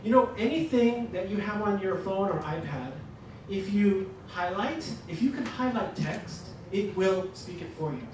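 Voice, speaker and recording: A man presents a teaching workshop with lively, joking energy. His voice sits fairly high and carries through a very echoey hall. He is picked up from a distance with clear background noise. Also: measured pace. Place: lecture room.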